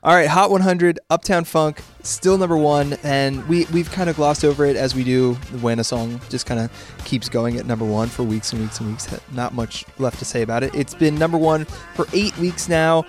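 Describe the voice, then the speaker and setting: A man hosting a music podcast, talking quickly and playfully with easy laughs. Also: on the high side. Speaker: podcast host. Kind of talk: casual chat.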